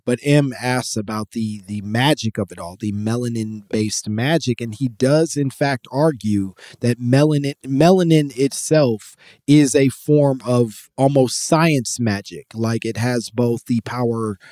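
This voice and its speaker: A man's voice: mid-range voice, unhurried, a little mellow, no echo, studio quality. Rambling man hosting a podcast. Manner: rambling, explains with many fillers and restarts. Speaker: podcast host. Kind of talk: casual podcast chat.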